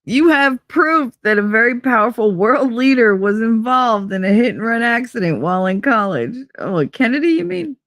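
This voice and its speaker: A woman's voice: fairly high pitch, expressive, normal speed, few pauses, a bit bright, no room sound. A young adult woman streamer chatting casually while reading quiz questions aloud, blunt, joking and full of profanity. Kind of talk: casual chat reading online quizzes aloud.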